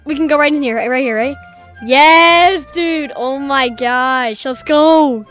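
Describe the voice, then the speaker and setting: A young woman with a high voice narrates her horror game playthrough in a jumpy, excitable way. She swings between loud shrieks and hushed whispers as things startle her, with faint music behind her. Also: takes it slowly. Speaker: gaming video creator. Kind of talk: let's play commentary.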